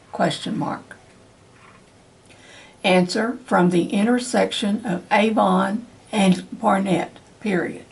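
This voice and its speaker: A woman reading a question-and-answer transcript aloud as dictation practice, speaking every punctuation mark in a slow, deliberate, even way. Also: medium pitch, creaky, breathy edge. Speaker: dictation reader for court reporting practice.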